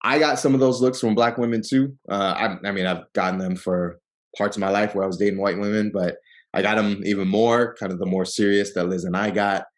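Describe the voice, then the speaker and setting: A man from Seattle, a podcast guest, telling personal stories in a casual, relaxed way full of "like" and "um", acting out the people he quotes. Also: a little fast. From Seattle, Washington. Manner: relaxed storyteller who acts out quoted people with lively jumps in pitch; frequent fillers like "like" and "um". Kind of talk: casual storytelling interview.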